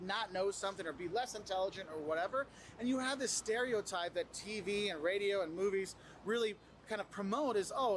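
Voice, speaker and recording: A man presenting travel tips in casual advice to the camera, animated and acting out what other people say. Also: high voice, background noise. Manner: animated, acts out quoted people.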